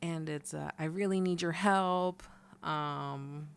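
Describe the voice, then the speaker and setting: A young woman co-hosting a casual podcast, relaxed and giggly, often trailing off mid-sentence. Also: sits low, takes it slowly, gravelly, clean tone. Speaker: podcast co-host. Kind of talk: casual chat.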